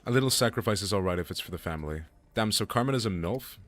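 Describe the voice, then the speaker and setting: Deep-voiced joking male game streamer. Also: expressive, fast, a bit bright. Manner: loose, joking, swears freely. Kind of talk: casual gaming stream commentary.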